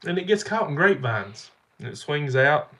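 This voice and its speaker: A channel host with a stuffy nose from a cold tells rambling, folksy stories to his camera, repeating himself as he goes. His voice sits on the high side and sounds a bit bright, very animated, at a normal speed.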